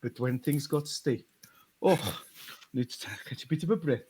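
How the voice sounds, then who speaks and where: A man voicing a genial, old-fashioned gentleman who stammers and barks like a showman while hyping up his partner in a tabletop role-play. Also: medium pitch, moderate pace, slightly rough, pitched below the performer's own voice, lightly acted. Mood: winded. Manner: stammering, theatrical barker. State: out of breath.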